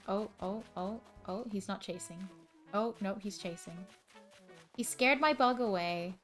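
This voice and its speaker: A woman chatting casually and swearing freely as she reacts out loud to a video game on a live stream. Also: medium pitch, unhurried, faint music behind.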